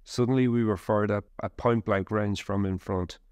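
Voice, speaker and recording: A man narrating a first-person war memoir in a measured, steady reading. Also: on the low side, no echo, studio quality.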